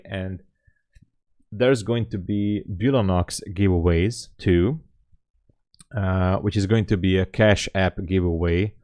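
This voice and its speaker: A man's voice: deep voice, a little mellow, no room sound. A man hosting a live day-trading stream, chatting casually with viewers and greeting them by name. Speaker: livestream host and day trader. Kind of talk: casual livestream chat.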